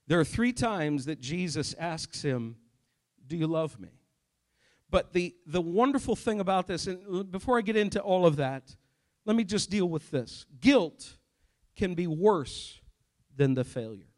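A man preaching a sermon as a pastor, dropping to hushed low emphasis and rising to loud exhortation, with folksy asides to the congregation.

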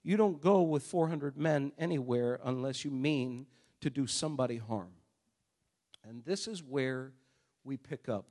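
A man preaching a sermon as a story, animated and swinging between loud and hushed. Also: medium pitch, a little slow.

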